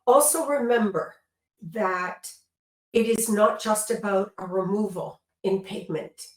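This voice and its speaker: A woman trainer walks through a product demonstration at an unhurried pace, earnest and explanatory. She stops to correct herself and restarts thoughts as she goes. Her voice rings in a roomy, echoey space. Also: medium pitch. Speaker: tattoo removal trainer. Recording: echoey room.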